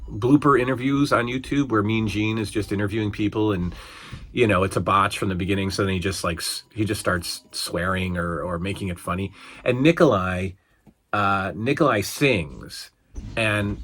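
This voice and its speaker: A man's voice: deep voice, a bit bright, husky. A man hosting a casual wrestling review show, rambling along with amused asides and many restarts.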